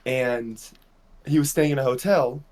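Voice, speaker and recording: A man's voice: medium pitch, measured pace, a little mellow. A young man co-hosting a podcast, chatting casually and breaking into laughter during his stories. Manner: laid-back, laughs while telling anecdotes. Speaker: podcast co-host. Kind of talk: casual chat.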